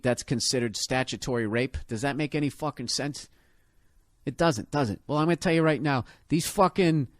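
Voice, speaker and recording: High-voiced man on a profane rant. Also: dry recording, clean studio sound. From United States. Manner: profane, sarcastic ranting. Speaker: podcast host. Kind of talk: solo podcast rant.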